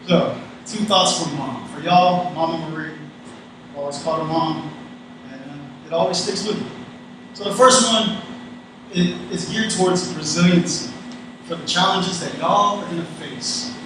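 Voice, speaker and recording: A young adult man from North Carolina, giving a casual, folksy graduation speech that addresses the audience directly. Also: fairly high pitch. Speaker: guest speaker. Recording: echoey hall, distant mic, noisy.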